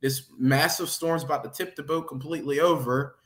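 A man co-hosting a live stream in casual chat, excitable and quick to laugh and exclaim. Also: on the high side, roomy sound. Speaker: co-host of a faith reaction stream.

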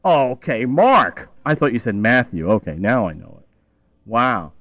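A man's voice: mid-range voice, very animated, no echo. A man from Long Island hosting a call-in radio show, teasing and irreverent with his callers. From Long Island, New York. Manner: teasing, irreverent, fast-talking. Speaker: radio host. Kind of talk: late-night call-in radio banter. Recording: dull lo-fi 1990s radio broadcast.

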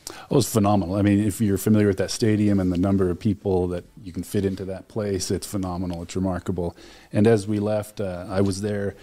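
A man with a low, warm voice and little pitch movement talks at a quick pace as a guest in a radio studio. An alumni relations director, he tells stories enthusiastically in a casual studio conversation, using frequent fillers.

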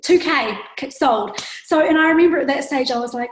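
A woman fashion designer recounts her start with animated energy, speaking in a fairly high voice. The recording has a noticeable echoey room sound. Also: a little hiss or hum. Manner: animated storytelling, quick bursts. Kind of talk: casual interview.

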